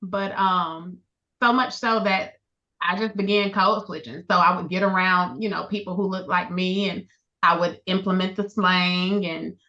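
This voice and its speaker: Bright-voiced woman with a light Southern lilt. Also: on the low side, a little slow. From US Midwest. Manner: animated storyteller, laughs often, acts out quotes. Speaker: podcast co-host. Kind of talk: casual chat. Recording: dull lo-fi audio.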